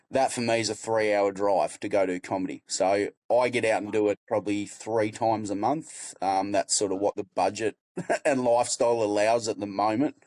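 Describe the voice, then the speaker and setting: An easygoing man with a broad Australian accent talks in a relaxed, friendly way, often calling people "mate." His voice sits low, and the sound is close and dry. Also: dry recording. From Tasmania, Australia. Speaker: guest comedian. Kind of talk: casual interview chat.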